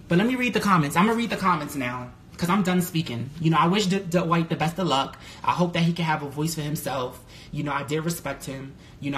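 A man talking casually on a live stream, candid and full of swearing, reading out viewer comments and jumping to a high pitch when excited. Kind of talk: casual livestream chat. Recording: roomy echo with faint background noise.

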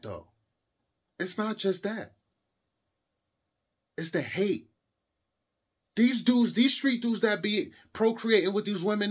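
Impassioned husky man ranting. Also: high voice. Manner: impassioned, repetitive, lectures the viewer. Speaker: video commentator. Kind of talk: heated monologue to camera.

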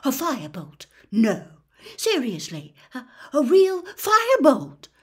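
A woman voicing an eager teenage boy team captain in a storybook reading, talking in rushed bursts that break off mid-sentence. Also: fairly low pitch, expressive, husky. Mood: excited.

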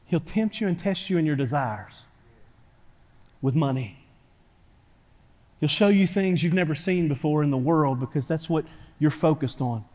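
A pastor preaching a sermon to his church, swinging from quiet talk to loud shouting. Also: fairly high pitch, expressive, normal speed, long pauses. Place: church sanctuary. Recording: church hall reverb.

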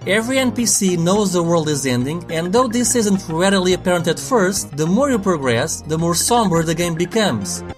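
A young adult man reading a scripted video game review, blunt and sarcastic and swearing for emphasis. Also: high-pitched. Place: voice-over over game footage.

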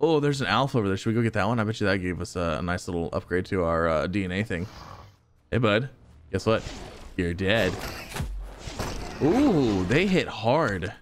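Lively excitable young man gaming. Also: lowish voice, normal speed, long pauses, slight background noise. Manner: excitable, talks to enemies, chuckles often. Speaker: gaming YouTuber. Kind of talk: let's play commentary.

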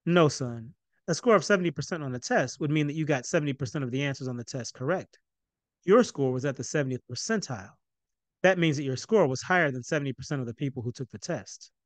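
A man voicing a calm, firm father in a read-aloud novel, speaking in a measured, deliberate way. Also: medium pitch, dry recording, lightly acted.

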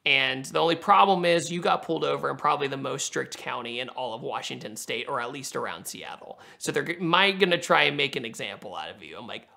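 A young man from Virginia telling a car story in a casual, animated way, laughing and acting out the quotes. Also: medium pitch, quick pace, creaky, few pauses.

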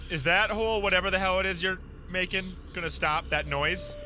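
A young man giving animated, jumpy commentary while playing a horror game, often exclaiming and laughing. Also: sits high, fast, hardly any pauses. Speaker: let's play gamer. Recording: music loud behind voice. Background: game music.

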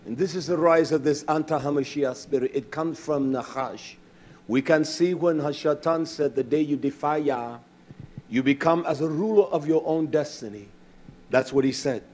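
A man delivers a fiery sermon in a rather high voice. He shouts his declarations, drops to hushed asides and acts out whole conversations as he preaches. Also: normal speed.

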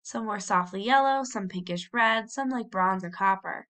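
A woman reading a children's novel aloud as a storybook narration, lively, with brief cheerful voices for the characters. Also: medium pitch, normal speed. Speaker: audiobook reader.

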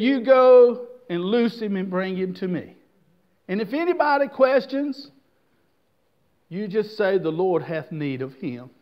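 Slow high-voiced preaching man, lo-fi. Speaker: pastor. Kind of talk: sermon. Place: church service.

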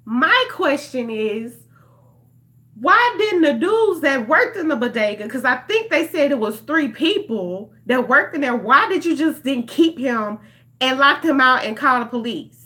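A woman's voice: high voice, animated, a little slow, bright, forceful tone. A young woman, talking straight to her viewers in an impassioned vlog. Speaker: vlogger. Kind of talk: emotional direct-to-camera commentary.

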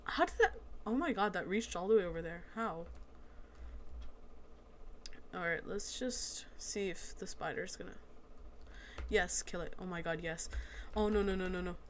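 Excitable woman narrating her gameplay. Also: fairly low pitch, moderate pace, pauses often, a little hiss or hum. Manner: excitable, exclaims and laughs at the action. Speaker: video game player. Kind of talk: casual let's-play commentary.

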